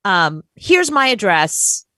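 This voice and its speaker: A woman co-hosting a chat show, telling a story in an animated, exasperated way and acting out quotes. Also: medium pitch, slow, no room sound. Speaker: podcast co-host.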